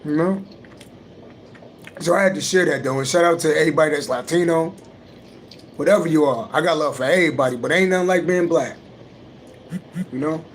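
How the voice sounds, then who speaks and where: A male astrology reader runs a livestream, chatting casually in a blunt, emphatic way laced with heavy profanity. His pitch is fairly high, and there's slight background noise.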